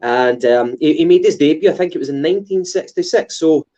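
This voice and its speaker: A man's voice: a little high, brisk, dark tone. A Scottish man co-hosting a casual football podcast, hesitant with many fillers and restarts. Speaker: podcast co-host.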